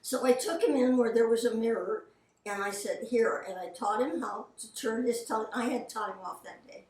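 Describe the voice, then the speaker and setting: An older woman, a veteran voice actress, shares anecdotes in a chatty, casual way and acts out the people in her stories. Her voice sits a touch high. It is recorded from a distance in a roomy, echoing space. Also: normal speed, darkish tone. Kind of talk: casual storytelling.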